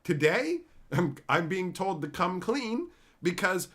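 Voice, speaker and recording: A fairly high-pitched man with a bright, sharp voice hosting a live stream, swinging his pitch up and down as he rants. He swears freely and drips with sarcasm while reading out chat comments. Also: slow pace. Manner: profane, sarcastic, animated ranting. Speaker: livestream host reading chat. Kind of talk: casual ranting commentary.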